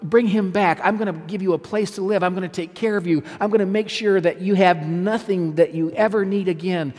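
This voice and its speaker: A man's voice: high-pitched, fairly quick, darkish tone, voice pushed up. A male preacher voicing a weeping brother who pleads with earnest emotion as he forgives his family. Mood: pleading. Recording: long hall reverb.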